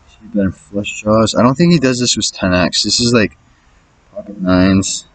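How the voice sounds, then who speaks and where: Low-voiced man muttering poker reads. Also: normal speed, a little hiss or hum, low-quality recording. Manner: mutters his reads, swears in exasperation at opponents. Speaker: online poker player streaming his session. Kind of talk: casual thinking-aloud game commentary.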